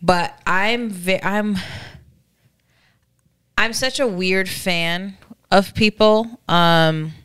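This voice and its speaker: A woman with a smooth, clear voice talks casually on a podcast. She tells long, rambling stories in a mid-range voice. The recording is dry and close. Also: mid-range voice, drawn-out words, no room sound. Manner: rambling, animated storytelling. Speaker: podcast co-host. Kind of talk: casual chat.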